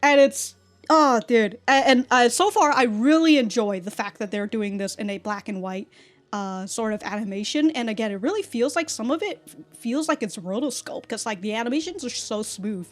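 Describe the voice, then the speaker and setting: Brief: anime reaction host, woman, high-ish voice, excitable, laughs and swears a lot, soft music under her. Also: normal speed. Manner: excitable, profane, laughs often. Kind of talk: casual reaction commentary.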